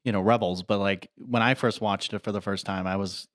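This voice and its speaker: A man's voice: lowish voice, fairly even intonation, fairly quick, no echo, studio quality. A man co-hosting a podcast, rambling casually and leaning on "I mean" and "like.". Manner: rambling, leans heavily on "I mean" and "like". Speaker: podcast co-host. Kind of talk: casual chat.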